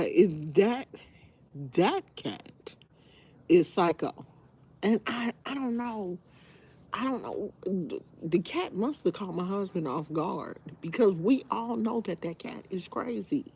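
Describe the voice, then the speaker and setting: A woman hosting a live stream, telling a story in a casual, animated way and laughing often. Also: mid-range voice, slow, a little hiss or hum.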